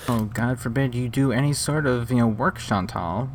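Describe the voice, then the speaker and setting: A man's voice: mid-range voice, normal speed, slight background noise. A man giving sarcastic, mocking commentary while reacting to a livestream.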